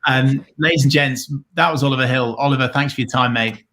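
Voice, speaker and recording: A man's voice: medium pitch, a little fast, bright, forceful tone. A man co-hosting a charity livestream, tired with his voice going, upbeat and stumbling over his words. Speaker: livestream co-host. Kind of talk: casual charity livestream chat.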